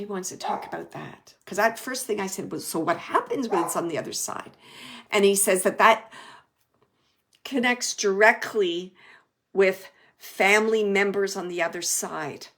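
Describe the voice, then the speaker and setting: Over background noise, a woman with a mid-range voice works as a medium in a live audience reading. She passes along messages in a chatty, filler-heavy way, occasionally sinking into a soft hush.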